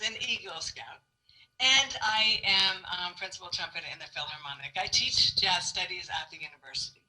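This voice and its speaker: A middle-aged woman giving a lively spoken testimony to a student audience, acting out the quotes in her story and laughing along. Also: mid-range voice, poor audio. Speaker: guest speaker.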